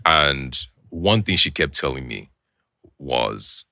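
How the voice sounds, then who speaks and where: A man's voice: very deep voice, takes it slowly, gravelly, no room sound, clean studio sound. A young Nigerian man with a Nigerian English accent, a podcast guest telling a personal story in casual chat, acting out the quoted dialogue. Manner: animated storyteller who acts out quoted dialogue.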